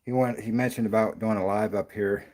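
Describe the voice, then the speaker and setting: A man's voice: fairly low pitch, steady tone, fast, darkish tone. A man doing a paranormal investigation vlog, out of breath and rambling as he talks to the camera. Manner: rambling, self-interrupting. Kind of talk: casual vlog talk.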